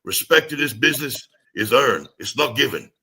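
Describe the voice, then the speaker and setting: A man's voice: mid-range voice, expressive, pushed and bright, breathy edge, full character voice. Man imitating a stern veteran with a Samoan accent. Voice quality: thick accent, slow clipped phrasing. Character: stern male wrestling veteran mentor.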